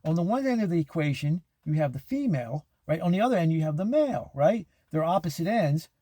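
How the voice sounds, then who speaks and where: A man's voice: very animated, warm tone, no echo. A middle-aged man hosting a podcast, talking in a rambling monologue with many restarts and false starts. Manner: halting, many restarts, mocking falsetto impressions. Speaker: podcast host.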